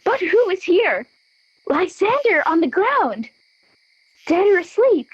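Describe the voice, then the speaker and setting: A desperate young noblewoman voiced by a teenage girl pleads and laments in verse for a school audio play. Her voice is high and slow. The recording is dry and dead, with a dull, muffled sound. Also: no echo. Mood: lamenting. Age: teens. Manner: plaintive, pleading verse reading. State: out of breath. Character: young scorned noblewoman, desperate and self-pitying.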